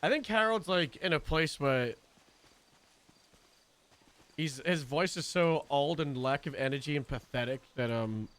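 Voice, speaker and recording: A man's voice: on the high side, a little slow, pauses often, a bit bright. A young man streaming, chatting loosely between game radio calls, laughing and swearing. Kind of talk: casual chat over game radio.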